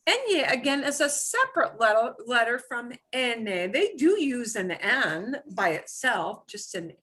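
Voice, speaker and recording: Bright-voiced woman teaching Spanish online. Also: fairly high pitch, very animated, a little slow, husky. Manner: patient, models words for students to repeat. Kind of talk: online beginner Spanish class. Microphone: video call.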